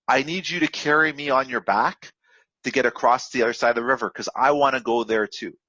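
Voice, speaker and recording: A man's voice: medium pitch, a little fast, sharp tone, no echo. A man voicing a sly male scorpion from a fable, pleading and insistent, in a dull lo-fi recording.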